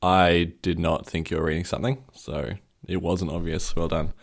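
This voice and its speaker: Low gravelly-voiced male podcast co-host. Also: flat delivery, moderate pace. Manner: curious, analytical, asks questions. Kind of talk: casual chat.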